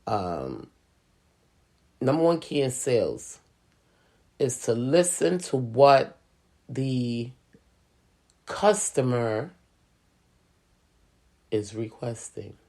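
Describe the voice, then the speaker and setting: A middle-aged woman and sales professional, chatting casually and telling a story in an animated way, with lots of "you know.". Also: extremely low pitch, extremely slow, long pauses. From Hispanic and Native American heritage, US. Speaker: school speaker, sales professional.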